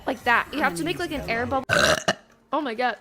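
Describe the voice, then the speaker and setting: A woman's voice: high voice, a little fast. A young woman talking casually in short clips, often exclaiming and excusing herself.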